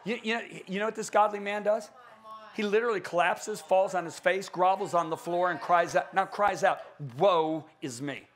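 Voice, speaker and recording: A middle-aged man preaching a conference sermon, emphatic and animated, acting out quotes in different voices. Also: fairly quick. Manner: animated, emphatic, acts out quotes with big pitch swings.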